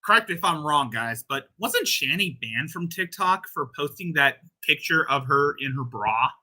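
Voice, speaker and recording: A man's voice: fairly high pitch, animated, moderate pace, sharp tone. A man hosting casual reaction commentary, rambling and crude, often laughing at his own jokes. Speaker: commentary channel host.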